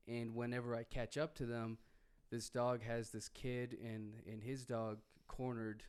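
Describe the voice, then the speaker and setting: A man with a smooth, resonant voice tells a story casually. He stops and restarts often as he works through it, at an average pitch. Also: steady tone, a little mellow. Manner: halting, restarts often while recounting. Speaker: podcast co-host.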